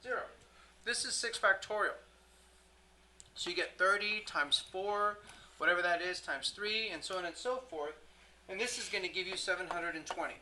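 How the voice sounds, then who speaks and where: A math teacher works through a lesson in a classroom. The voice is strikingly bright and crisp, sitting at a middling pitch. The teacher keeps checking in with the students, throws questions to them and fixes their own slips on the fly. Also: moderate pace, slight background noise, low-quality recording. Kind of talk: classroom lecture.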